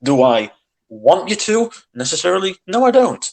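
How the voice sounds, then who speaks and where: A man's voice: high voice, sing-song, moderate pace, gravelly, a little mellow, low-quality recording. A young man co-hosting a podcast, ranting in casual chat, agitated, with sighs and many restarts. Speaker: podcast co-host.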